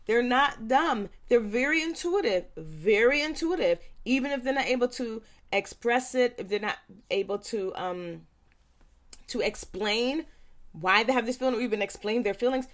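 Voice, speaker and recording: A woman parent educator speaking earnestly to parents, stressing points by repeating them and acting out quick quoted lines. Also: on the high side, animated. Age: young adult. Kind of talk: talking to parents.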